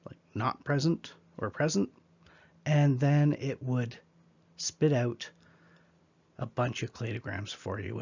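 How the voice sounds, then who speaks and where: A man's voice: medium pitch, creaky, a little mellow, breathy edge, muffled recording. A man teaching biology in a conversational, explanatory lecture with casual asides. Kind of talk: recorded lecture.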